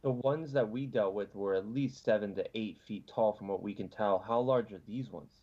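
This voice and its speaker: Man player, husky, low, dull lo-fi mic, joking tone. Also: moderate pace. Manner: joking, wry. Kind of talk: tabletop role-play, casual.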